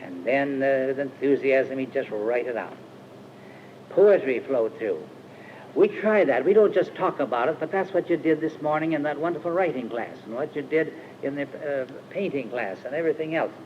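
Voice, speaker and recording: An older man from Iowa gives an informal storytelling sermon at a Christian retreat camp, halting often with uh and restarting his phrases. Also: mid-range voice, animated, a little hiss or hum. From Iowa, USA. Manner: rambling, halting, with many uh-hesitations and restarts. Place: camp meeting hall. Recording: dull 1950s archive recording.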